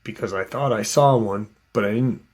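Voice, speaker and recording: A man's voice: on the low side, normal speed, a little mellow, natural voice. A man voicing a panicked rancher father guarding his home, who talks in short, repeated, frightened bursts.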